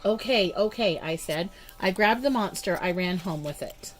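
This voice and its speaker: A woman reading a children's storybook aloud in an expressive, measured way. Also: fairly low pitch, faint music behind. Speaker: storybook reader. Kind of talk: children's book read-aloud.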